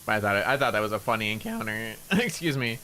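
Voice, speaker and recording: A man streaming a game, telling a story in lively casual chat with laughter and swearing. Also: fairly low pitch, quick pace, a little hiss or hum. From Canada.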